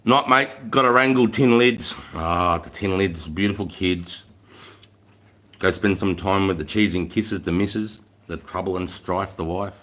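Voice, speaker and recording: A man's voice: deep voice, measured pace, a bit bright. Laid-back Australian man chatting on a livestream. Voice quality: laid-back, swears freely, lots of Aussie slang. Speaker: livestream host. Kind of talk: casual live chat reading comments.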